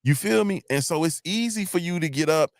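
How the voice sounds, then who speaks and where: A fairly high-pitched, animated man speaks briskly while hosting a live morning show in a dry, clean studio recording. His casual motivational talk is blunt and emphatic, laced with profanity and repetition, and he frequently checks in with "you feel me?".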